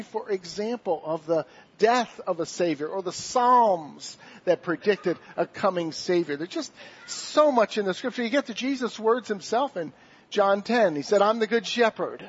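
Husky high-voiced male preacher. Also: highs cut off. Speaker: pastor. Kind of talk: sermon. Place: church.

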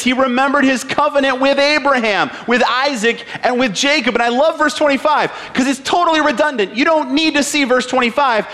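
High-voiced conversational male preacher. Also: pushed and bright. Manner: conversational, rhetorical questions. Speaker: pastor. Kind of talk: sermon.

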